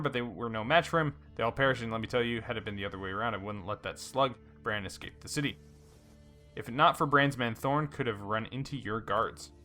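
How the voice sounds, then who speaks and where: Bright-voiced man reading a game aloud. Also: mid-range voice. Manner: reads story text aloud with fillers and small slips. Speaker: let's play host. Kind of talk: casual game narration, reading dialogue aloud.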